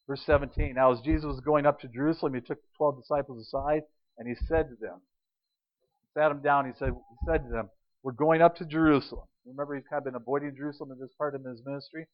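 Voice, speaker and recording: A man preaching an Easter sermon as pastor, animated and storytelling, acting out scenes and quotes. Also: mid-range voice, quick pace, highs cut off.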